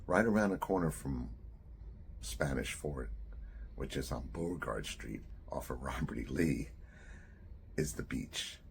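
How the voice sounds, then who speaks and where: A man in his sixties recounting a childhood memory from his memoir, reflective and halting, correcting himself as he goes. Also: a bass voice, lively intonation, creaky, noisy background. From United States. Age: 60s. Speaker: author and storyteller.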